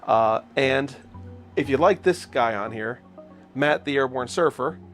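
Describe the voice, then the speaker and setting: A man's voice: mid-range voice, unhurried, a bit bright, faint music behind. A man hosting a casual chat show who talks in an easygoing way, often giving short agreeing replies. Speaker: host. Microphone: lapel mic.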